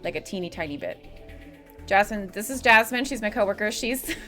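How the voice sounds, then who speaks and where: A woman's voice: medium pitch, expressive, brisk, a bit bright, faint music behind. Rambling, giggly young woman streamer. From US Midwest. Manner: rambling, giggly, swears freely. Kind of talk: casual gaming stream chatter.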